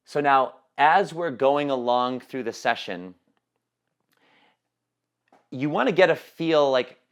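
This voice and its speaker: A man's voice: mid-range voice, a bit bright. A man leading a training call on coaching sales, talking casually with many fillers and restarts. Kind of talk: teleconference training talk.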